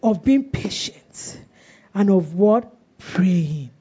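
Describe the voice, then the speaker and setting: Speaking extremely slowly, a woman in her forties delivers a sermon in a husky, dark, mid-range voice full of expression. She emphatically questions her congregation and waits for their replies, and the recording sounds dull and lo-fi.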